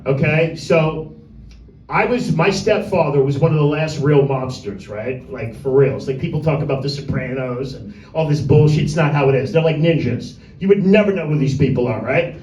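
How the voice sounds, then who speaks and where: A man's voice: a little high, moderate pace, a little mellow, muffled recording. A male stand-up comedian rehearsing his set in a small room with a handful of people, rambling in a crude way and teasing audience members by name. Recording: echoey room, voice from far off.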